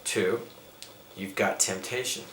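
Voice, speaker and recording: Middle-aged male yoga teacher, forceful and preachy, low-ish voice, echoey room. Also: slow. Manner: emphatic, preachy, lists points. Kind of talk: spiritual interview talk. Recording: echoey room with faint background noise.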